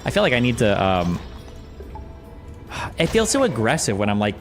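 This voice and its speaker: A man's voice: mid-range voice, very animated, moderate pace. Man, streamer, reacting off the cuff; rambling, self-mocking, swears freely, with faint music underneath. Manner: rambling, self-deprecating, profane. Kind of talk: casual commentary while gaming.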